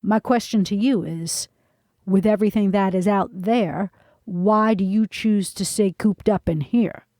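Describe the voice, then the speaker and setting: A woman's voice: mid-range voice, measured pace, darkish tone, dry recording, studio quality, close to an everyday voice. A woman voicing a cool, self-assured man of about sixty who speaks with nonchalant, worldly scorn.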